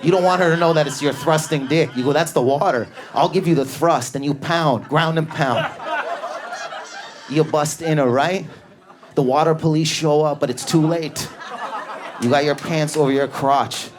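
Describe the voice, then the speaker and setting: A man doing a stand-up comedy set in a club, riffing at high energy on an audience member. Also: fairly even intonation, moderate pace. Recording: live club with a laughing crowd. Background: audience laughter.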